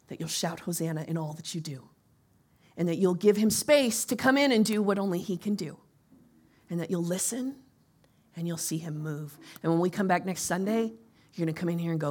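A woman pastor preaching and leading a congregation in prayer, swinging from soft, near-whispered lines to loud rallying shouts. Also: lowish voice, normal speed, breathy edge, faint music behind.

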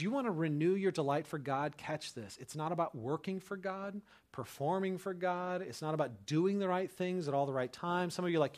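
A pastor with a slightly high voice preaches in a conversational way, repeating words and asking "right?" often. He swings between loud, rising outbursts and soft, hushed tenderness.

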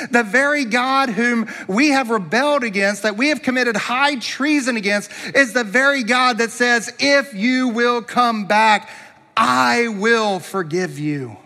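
Male pastor, high and bright voice, earnest emphatic sermon delivery. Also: in a large hall. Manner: earnest preaching with emphatic repetition and rhetorical questions.

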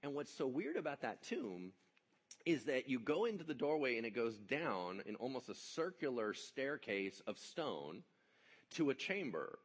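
A man preaching a sermon, telling the story with animated energy and joking asides. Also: medium pitch, measured pace, slightly rough. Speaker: pastor.

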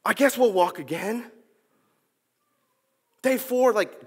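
A man delivers a lively sermon in a high voice. He acts out characters from the story in casual slang. His voice rings with the long reverb of a church hall. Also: unhurried, pauses often, breathy edge. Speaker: preacher.

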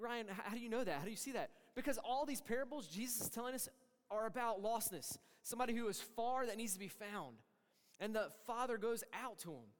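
A man preaching a sermon as pastor, moving between hushed lines and emphatic ones and acting out the voices he quotes. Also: high-pitched, long reverb tail.

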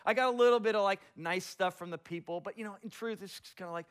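A man's voice: high-pitched, lively intonation, fast, hardly any pauses, a bit bright, clear, resonant tone. A man preaching a sermon, reading scripture and telling a self-deprecating story about his early preaching. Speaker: pastor.

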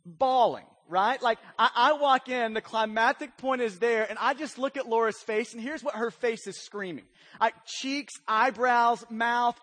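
A man with a notably high voice preaches a relaxed, joking sermon. He tells his story conversationally and keeps tossing "right?" to the congregation. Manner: conversational storytelling with frequent "right?" check-ins. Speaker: pastor. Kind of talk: casual, humorous sermon.

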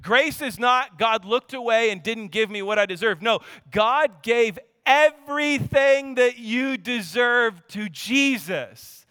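A man's voice: very high-pitched, lively intonation, slow, few pauses, a bit bright, clear, resonant tone, dry recording, long reverb tail. A man in his thirties preaching a sermon in an earnest, emphatic, conversational way.

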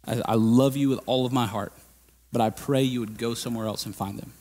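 A man preaches in a mid-range voice, and his sound rings out through the long reverb of a church hall. He talks casually, full of everyday fillers, then builds to loud, emphatic peaks before dropping low and quiet. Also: fairly even intonation, brisk. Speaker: lead pastor. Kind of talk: sermon. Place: church sanctuary.

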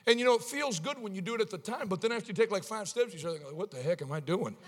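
Man, preacher, sermon storytelling, wry, conversational, very high pitch. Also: expressive, racing, big-room sound, background noise.

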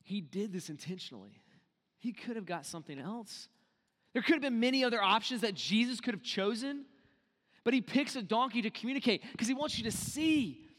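A man preaching in a church, his voice sitting high for a man. He plays out the quoted voices with energy, then drops to a hush. The sound rings with a long hall reverb. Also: a little fast. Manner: animated, acts out quoted voices, swings from loud to hushed. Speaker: pastor. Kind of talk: sermon.

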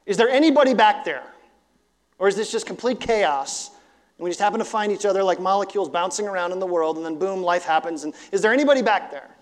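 A man's voice: high-pitched, quick pace. A man preaching a sermon as a pastor, storytelling earnestly and asking rhetorical questions, with casual fillers. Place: church sanctuary. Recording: long church hall reverb.

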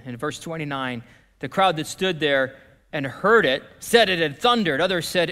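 A man preaching a sermon as pastor, talking in a conversational way that swings from lively to hushed. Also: a little high, normal speed. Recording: long reverb of a church hall.

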